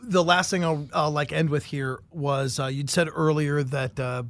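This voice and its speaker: A man's voice: on the high side, fairly even intonation, moderate pace, a bit bright. A man hosting a casual interview, asking long, conversational questions full of fillers. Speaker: podcast host interviewer.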